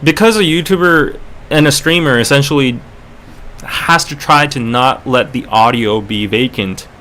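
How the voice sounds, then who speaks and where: A man's voice: mid-range voice, normal speed, sharp tone. A young Korean man with a North American accent, rambling in casual live-stream chat full of fillers and restarts. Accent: North American, learned in Canada. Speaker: podcast host and streamer.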